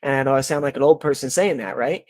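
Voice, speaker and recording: A man's voice: medium pitch, fast talker, no echo. A man in his forties, a podcast guest in casual chat, who laughs often and acts out voices in his stories.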